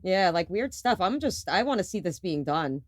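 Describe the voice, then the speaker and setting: A woman's voice: lowish voice, moderate pace, over a noisy crowd. A woman co-hosting a podcast among dental hygienists, telling stories in casual chat with lots of laughter and restarts. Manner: animated storyteller, laughs often, trails off and restarts.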